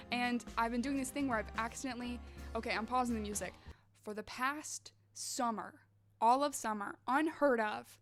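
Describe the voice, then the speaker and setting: A woman's voice: fairly high pitch, fairly even intonation, moderate pace. A woman livestreamer in a casual late-night chat with her viewers, bubbly and rambling, wired and restless after coffee. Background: faint background music.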